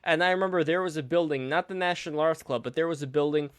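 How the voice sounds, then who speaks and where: A man's voice: fairly high pitch, fast talker, fairly bright tone, clear, resonant tone, dry recording. A man hosting a casual online stream, rambling between topics and reading out viewer donations. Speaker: stream host.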